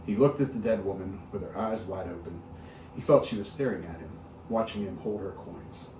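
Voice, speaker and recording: A man's voice: on the low side, brisk, a little mellow. A man reading a ghost story aloud, dramatic and full of sound-effect words. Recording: roomy, distant mic with faint hiss.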